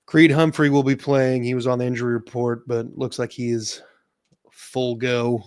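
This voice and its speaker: A man co-hosting a sports podcast in a relaxed, chatty way, laughing easily as he goes through stats. His voice sits at an ordinary pitch. The recording is dry and close. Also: moderate pace, smooth, no echo. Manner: relaxed, laughs often, stats-heavy rundown. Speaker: podcast co-host. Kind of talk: casual sports chat.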